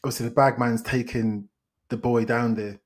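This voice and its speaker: A man retelling a film plot in casual podcast chat, animated and exasperated, with frequent restarts. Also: mid-range voice, normal speed. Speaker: podcast host, film reviewer.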